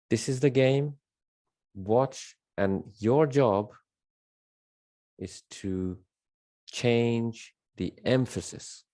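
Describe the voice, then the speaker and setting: A man with a very low, deep voice talks through an unscripted spiritual monologue. He leans hard on key words and repeats them, rambling along with fillers. The sound is dry and close, with no room echo. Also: dark tone. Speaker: spiritual teacher.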